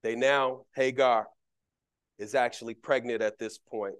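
A middle-aged man, preaching a sermon full of personal stories and lively swings between loud and soft. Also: mid-range voice, measured pace, clear, resonant tone. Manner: animated, jumps between loud and soft, acts out quoted voices; conversational, repeats words while building a point. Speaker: deacon preaching.

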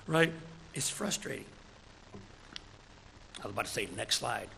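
A deacon preaching a sermon in a church, lively, chuckling between his points and calling out praise. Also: medium pitch, slow pace, vocal fry, a little hiss or hum, low-quality recording.

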